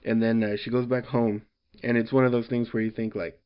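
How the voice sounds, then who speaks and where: A man's voice: medium pitch, flat delivery, fairly quick, clean tone, muffled recording. A man casually recapping a story, rambling with lots of fillers and loosely quoting characters. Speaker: comic book reviewer.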